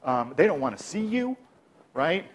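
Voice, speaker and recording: A man giving an instructional talk on de-escalation as a clinician, lively and often dropping to a soft, calm voice to act out replies. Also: fairly high pitch, normal speed, slight background noise.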